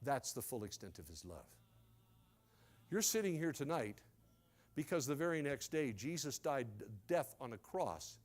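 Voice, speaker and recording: A man's voice: medium pitch, big pitch swings, measured pace. A male pastor preaching a sermon as dramatic storytelling, with asides to the congregation.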